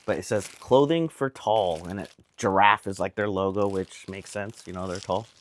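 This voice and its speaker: A man's voice: low voice, normal speed. A man with an American accent talking casually at home as he shows off his yard sale finds, rambling and amused at himself. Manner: chatty, rambling, self-amused. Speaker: reseller showing a haul. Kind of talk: casual vlog talk. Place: home indoors.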